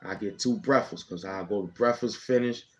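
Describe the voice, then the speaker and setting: Man host, lowish register, loose slangy storyteller who rambles and keeps checking in with the listener. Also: moderate pace, low-quality recording. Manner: rambling, slangy street talk with frequent "you know what I'm saying". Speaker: channel host telling a personal story. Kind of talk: casual storytelling.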